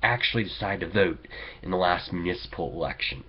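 A man's voice: deep voice, fairly quick, slightly rough, highs cut off. A man hosting a political commentary show, sarcastic and mocking toward local officials. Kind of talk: opinionated commentary.

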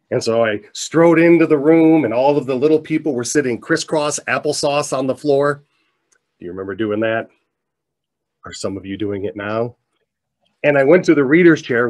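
A middle-aged man telling a story in a keynote talk, animated, his voice climbing as he gets excited. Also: medium pitch. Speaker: motivational speaker. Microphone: presentation mic, virtual showcase.

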